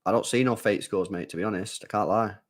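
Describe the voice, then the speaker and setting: Reacting fast to a football match on his watchalong stream, a young man talks in slang, slipping from quiet mumbling into loud bursts of swearing.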